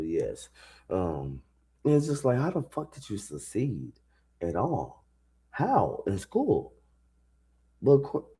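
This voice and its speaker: Husky low-voiced man ranting casually. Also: darkish tone. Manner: loose, profane, rambling talk. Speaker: streamer reacting to a video. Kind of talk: casual live reaction commentary.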